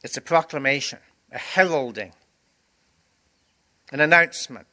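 A man's voice: a little high, moderate pace, bright, forceful tone. A male pastor giving a communion sermon, preaching earnestly with emphatic repetition, and sniffling and teary.

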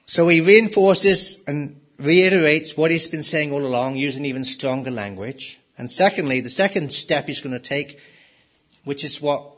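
Male pastor, husky and a touch high, emphatic sermon delivery. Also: a bit bright. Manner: emphatic, rises and drops sharply for stress.

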